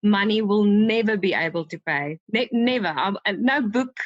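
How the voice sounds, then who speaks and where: A woman, a guest on a podcast, talking emotionally and warmly and often restarting her sentences. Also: mid-range voice, normal speed, no room sound, lo-fi sound. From South Africa. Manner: emotional, warm, with many restarts.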